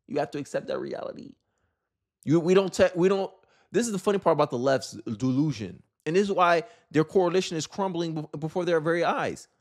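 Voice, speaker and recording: A man giving blunt, opinionated political commentary in a vlog, repeating his points and firing off rhetorical questions. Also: fairly high pitch.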